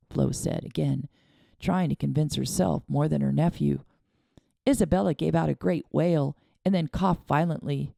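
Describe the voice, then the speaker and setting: A woman narrates a novel in a low, dark, gravelly voice that moves freely in pitch. Her reading is expressive and dramatic, recorded close and dry. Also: normal speed, no room sound. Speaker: audiobook narrator. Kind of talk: scripted narration.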